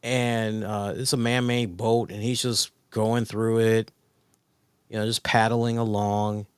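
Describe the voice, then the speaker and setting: A man co-hosting a podcast, telling stories in a rambling, excitable way with lots of fillers and swearing. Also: on the low side, takes it slowly, clear, resonant tone, dry recording, studio quality. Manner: rambling, excitable, profane storytelling. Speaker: podcast co-host. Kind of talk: casual chat.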